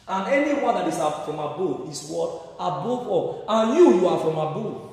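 Nigerian pastor preaching in an echoing hall. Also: male voice, high voice, expressive, moderate pace. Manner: call-and-response preaching, rising to loud emphatic peaks. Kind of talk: sermon. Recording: distant, echoey hall sound.

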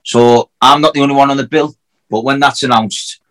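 A man's voice: medium pitch, fairly even intonation, fairly bright tone, poor audio. A man from Hartlepool with a North East English accent, an acoustic singer-songwriter chatting casually, swearing freely and full of fillers. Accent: Hartlepool, North East England. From Hartlepool, England. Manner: swearing, fast, lots of fillers. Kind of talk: casual chat.

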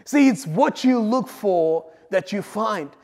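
High-voiced preacher in a reverberant hall. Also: male voice, lively intonation, takes it slowly. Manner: dynamic preaching, swings between loud emphasis and quiet asides. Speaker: pastor. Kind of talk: sermon.

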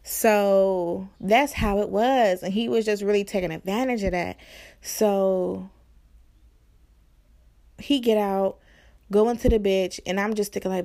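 A young woman vlogger telling a story in a casual, profane and animated way, with an exasperated edge. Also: mid-range voice, unhurried, long pauses.

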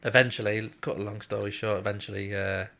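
A man's voice: lowish voice, little pitch movement, brisk, creaky, sharp tone. A man telling a story from his service days in a podcast chat, blunt and swearing freely, often laughing as he talks. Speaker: guest, former RAF serviceman.

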